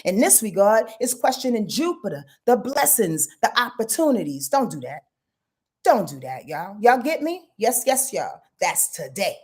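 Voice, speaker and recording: A woman's voice: medium pitch, normal speed, husky. A woman astrologer hosting a casual live stream, chatty and goofy, talking straight to her viewers and laughing at her own slips. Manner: animated, chatty, addresses viewers as y'all.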